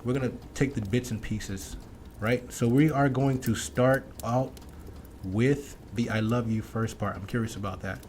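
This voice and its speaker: A man's voice: mid-range voice, a little mellow, a little hiss or hum. A man hosting a casual reaction commentary, blunt and wry, talking slangily to his viewers. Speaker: commentary host.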